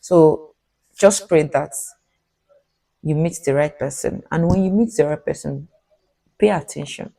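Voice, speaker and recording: Low-voiced woman chatting to viewers. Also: a little slow, gravelly, long pauses, low-quality recording. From Nigeria. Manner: chatty, repeats herself when excited. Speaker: reaction video host. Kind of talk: casual commentary to viewers.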